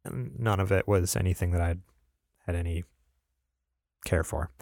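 A man's voice: low voice, steady tone, moderate pace, very noisy. A man co-hosting a casual gaming podcast, talking in a laid-back, rambling way with plenty of filler words. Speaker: podcast co-host.

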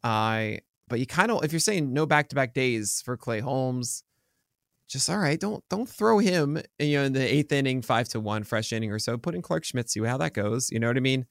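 A man's voice: mid-range voice, lively intonation, moderate pace, creaky, dry recording, studio quality. A man co-hosting a baseball podcast, talking casually and rambling with many ums and restarts. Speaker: podcast co-host. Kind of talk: casual sports chat.

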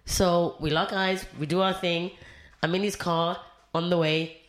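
A woman's voice: on the low side, flat delivery, unhurried. A woman, a podcast guest telling a frank, profane story in casual chat.

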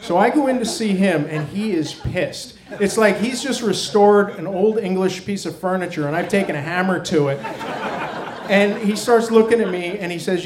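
A man telling a true personal story on stage, wry and animated, acting out the people he quotes. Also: sits high, moderate pace. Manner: wry, animated, quotes others in their voices.

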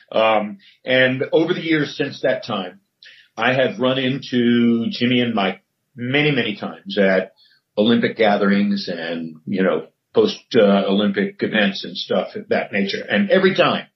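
An older man, a former sports newsman, telling a long anecdote in a relaxed way with many fillers. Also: on the low side. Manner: relaxed storyteller, frequent fillers. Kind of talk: anecdotal storytelling. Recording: dull lo-fi recording.

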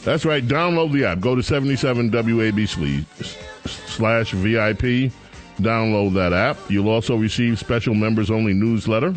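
A man's voice: lowish voice, normal speed, faint music behind. A man hosting a talk radio show, delivering a sarcastic, mocking monologue. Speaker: radio host.

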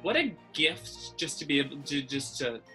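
A man's voice: a little high, very animated, moderate pace, sharp tone, soft background music. A man from Massachusetts with a faint Massachusetts accent, co-hosting a podcast in a chatty, rambling, self-deprecating way. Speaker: podcast co-host. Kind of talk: casual chat.

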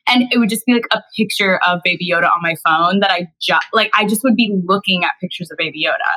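A woman's voice: lowish voice, fast, bright, forceful tone, rough recording. A young woman chatting as a podcast guest, giggly and rambling, often restarting her sentences. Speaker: podcast guest, actress and singer. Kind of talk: casual interview chat.

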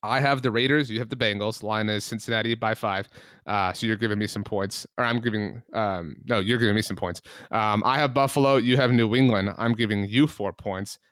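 A man co-hosting a sports podcast, arguing his points in an animated, ranting way and filling his talk with "like". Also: on the low side, brisk, no room sound. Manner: animated, ranting, heavy use of "like". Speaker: podcast co-host. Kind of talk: casual sports debate.

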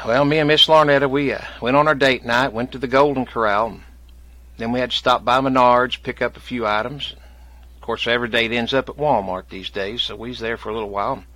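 A man spins a comic yarn in a folksy rural drawl, taking on the voice of each person in the tale. His voice is bright and forceful. The sound is dry and close to the mic. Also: medium pitch, fairly even intonation, a little fast, dry recording. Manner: drawling rural dialect, acts out both sides of his stories. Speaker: guest storyteller.

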